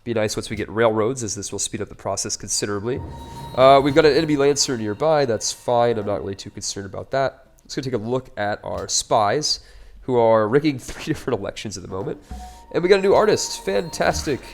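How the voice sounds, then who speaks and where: A man's voice: mid-range voice, animated, brisk, slight background noise. A man casually commenting on his own strategy game playthrough, upbeat and chatty with wry, joking asides. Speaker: let's play host.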